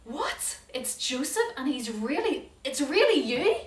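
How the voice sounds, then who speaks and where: A woman's voice: sits high, sing-song, unhurried, voice pushed up. A woman voicing a group of anxious grown brothers, flustered and protesting, in a children's Bible story. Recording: roomy hall, distant mic.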